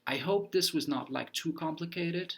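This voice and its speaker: A man's voice: fairly high pitch, moderate pace, vocal fry, breathy edge. A man giving a lecture, explaining ideas step by step with examples, with occasional fillers and stumbling repeats.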